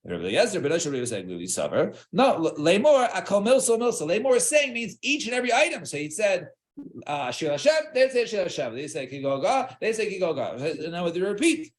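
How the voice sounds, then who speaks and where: A man leads a Talmud study class in a high voice that rises and falls freely. He stops and restarts his sentences, checks in with "right?", and mixes Hebrew and Aramaic phrases into his English explanations. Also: very animated. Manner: halting, many restarts and fillers, checks with "right?".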